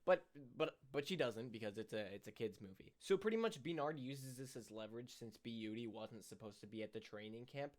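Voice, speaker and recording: A man's voice: medium pitch, expressive, a little fast, hardly any pauses. A man giving casual, dry, sarcastic commentary on a movie, with some hesitation. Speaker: movie reviewer.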